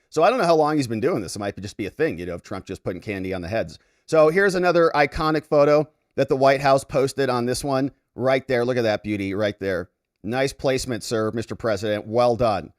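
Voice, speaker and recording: A man's voice: mid-range voice, dry recording, studio quality. A man hosting a casual commentary show, chatting and joking as he reacts to clips. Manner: animated, chatty, jokey asides. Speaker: lawyer commentator, host.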